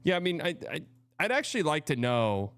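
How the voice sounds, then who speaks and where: A man hosting a live watch party, reacting excitably to plays and chatting between them. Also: on the high side, fairly quick, smooth, no room sound. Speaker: show host.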